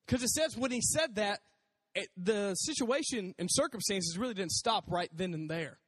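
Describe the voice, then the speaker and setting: Male preacher, high-pitched and conversational; casual sermon in a reverberant hall. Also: normal speed, breathy edge. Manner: conversational, animated, acts out voices.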